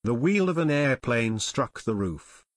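A man's voice: medium pitch, big pitch swings, measured pace, dry recording. A man reading a level-headed teen detective.

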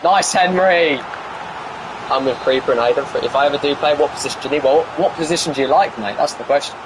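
A young man with a slightly high voice, live-streaming a football video game and trading banter with his teammates over voice chat. He reacts loudly to near misses and goals, and a faint hum sits behind him. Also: fast. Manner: banter with teammates, shouting at plays.

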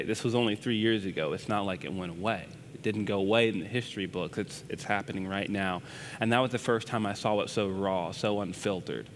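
Earnest low-voiced man telling a story. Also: fairly bright tone, a little hiss or hum. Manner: earnest, halting with repeated restarts. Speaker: news reporter. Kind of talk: personal story in a church conversation.

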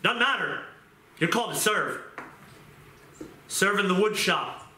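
Fiery high-voiced male preacher. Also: lively intonation, measured pace, slight background noise. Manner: impassioned, swings from quiet to shouting. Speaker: pastor. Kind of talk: sermon. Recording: roomy echo.

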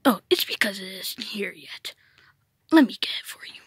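A woman voicing a calm, scheming masked male knight villain in a low, hushed whisper, a whispered role-play. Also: moderate pace, breathy edge, dry recording.

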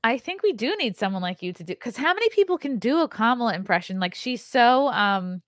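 A woman's voice: fairly high pitch, big pitch swings, fairly quick, a bit bright, no echo, studio quality. A woman comedian hosting a podcast, chatting casually and reacting with enthusiasm.

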